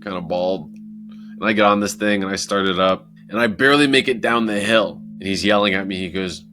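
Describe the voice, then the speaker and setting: A man telling a personal story in a casual, animated motivational talk, acting out moments as he goes. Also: fairly low pitch, brisk, soft background music. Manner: animated, acts out his own story with lively asides. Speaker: motivational speaker.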